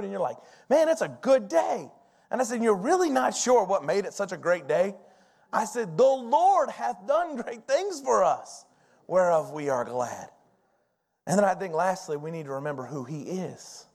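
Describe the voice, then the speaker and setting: A pastor in his forties preaching a sermon, telling personal stories in an animated, folksy way. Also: sits high.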